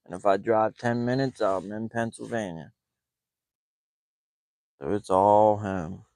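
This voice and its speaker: A rambling, amused man who drifts from story to story and laughs often. His voice sits on the low side, recorded close and dry with no room sound. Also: takes it slowly, darkish tone, no room sound. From West Virginia and Ohio. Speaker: fishing vlogger. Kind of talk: casual storytelling.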